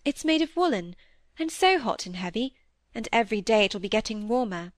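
A woman reading the part of a curious, lively teenage girl who coaxes and pleads with her father. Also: on the high side, brisk, dry recording, studio quality. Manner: coaxing, pleading, inquisitive. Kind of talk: audiobook dialogue reading.

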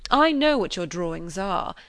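A woman reading as a flattering young gentleman. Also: lowish voice, moderate pace, dry recording. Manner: effusive, fawning compliments.

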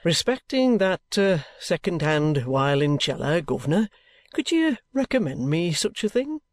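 A man voicing a genial, ingratiating middle-aged male detective who talks in a slow, coaxing, colloquial way. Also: a little high, big pitch swings, no room sound.

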